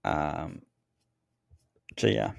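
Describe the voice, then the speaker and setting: A man's voice: rumbling low, big pitch swings, extremely slow, gravelly, darkish tone, no echo. A man co-hosting a casual movie review chat, dry and skeptical, often contradicting his co-host. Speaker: podcast co-host.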